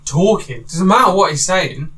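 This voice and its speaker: Slightly high-voiced man chatting casually. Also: normal speed. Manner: animated, mock-indignant, swears casually. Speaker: podcast host. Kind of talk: casual film chat. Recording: distant mic with faint room noise.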